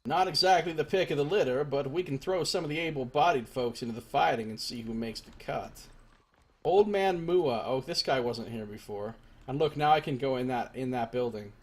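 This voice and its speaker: A man giving casual, chatty commentary while streaming a video game, thinking out loud as he plays. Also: medium pitch, brisk. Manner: chatty, thinks aloud, reads game text.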